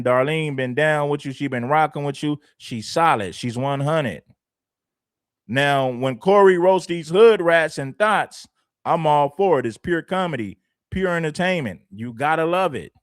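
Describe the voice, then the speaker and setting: Male commentary host, emphatic and chatty, fairly high voice, dry close sound. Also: a little slow, clean tone, no room sound. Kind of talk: reaction commentary.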